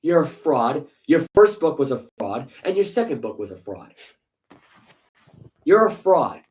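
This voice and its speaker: A man's voice: mid-range voice, very animated, normal speed, a little mellow, low-quality recording. Man ranting heatedly on a sports podcast. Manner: heated, profane ranting with sarcastic rhetorical questions. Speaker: podcast co-host. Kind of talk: casual sports podcast rant.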